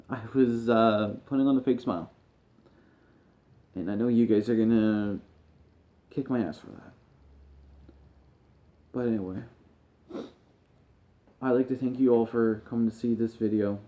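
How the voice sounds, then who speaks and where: A man, a gaming streamer, speaking to camera while grieving and near tears. He talks in a halting, emotional way and often trails off quietly. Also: medium pitch, steady tone. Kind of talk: personal talk to camera.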